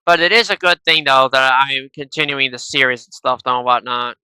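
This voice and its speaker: A man's voice: medium pitch, brisk, bright, forceful tone, clear, resonant tone, dry recording, low-quality recording. A man giving casual, rambling gameplay commentary into a headset, tacking "though" and "and stuff" onto nearly every phrase. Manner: chatty, rambling asides to viewers. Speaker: gaming video creator. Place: at home, recording at a PC. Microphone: gaming headset.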